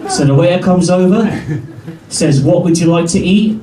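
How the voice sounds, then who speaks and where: A man in his thirties doing a stand-up set, telling stories wryly with pauses before the punchlines. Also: sits high, crowd noise. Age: 30s. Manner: wry storytelling with punchline pauses. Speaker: stand-up comedian. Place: comedy club stage. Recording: roomy club sound from a distance.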